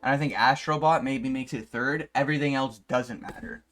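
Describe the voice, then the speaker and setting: A young man YouTuber ranting in a profane, exasperated way, with sudden loud outbursts. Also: mid-range voice, normal speed, soft background music. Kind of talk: ranting commentary video.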